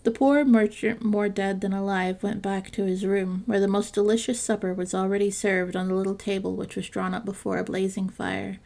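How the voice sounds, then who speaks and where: A woman narrating a classic fairytale in a calm, measured storytelling reading. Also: medium pitch, creaky.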